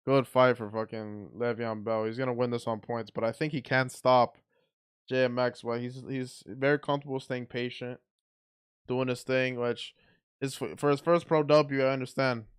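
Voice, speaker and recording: A man calls a boxing match live as he watches it, giving excitable, blunt play-by-play. His voice is smooth and clear at a middle pitch, and he often restarts his sentences. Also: moderate pace. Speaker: watch party commentator. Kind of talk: live fight commentary.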